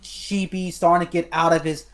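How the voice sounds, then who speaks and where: A man's voice: fairly high pitch, flat delivery, normal speed, fairly bright tone. A man hosting a casual online chat with a friend, talking hesitantly and often restarting his sentences. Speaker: host.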